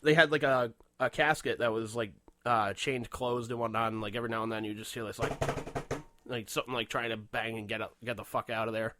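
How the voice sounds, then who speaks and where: A man co-hosting a casual podcast, telling stories in an animated way with lots of swearing and laughter. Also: fairly low pitch, brisk. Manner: animated storytelling, heavy swearing, frequent laughter. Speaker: podcast co-host. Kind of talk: casual chat.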